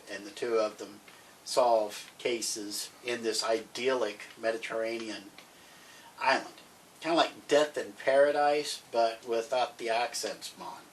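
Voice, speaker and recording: A man co-hosting a podcast, rambling cheerfully as he recommends TV series in casual chat. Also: medium pitch. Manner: chatty, rambling, grows excited. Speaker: podcast co-host. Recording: distant mic, faint background noise.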